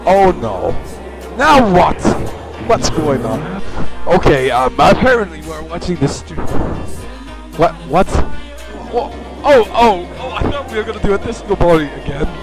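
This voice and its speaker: Excitable guy streamer yelling at clips, voice jumps all over. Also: high-pitched, measured pace, poor audio. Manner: excitable, yelling reactions, stumbling over words. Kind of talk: reaction livestream commentary. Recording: loud music under the voice. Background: music from the clips he plays.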